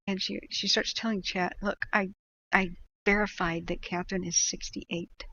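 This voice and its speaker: On a lo-fi livestream with slight background noise, an American woman with a medium-pitched voice tracks wildfires at a moderate pace. Her talk is casual and animated, full of rants, laughs and fillers.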